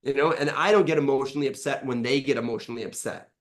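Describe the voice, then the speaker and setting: A middle-aged man giving a frank interview testimonial as a coaching client, animated, swearing freely and acting out past conversations. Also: medium pitch, rapid-fire.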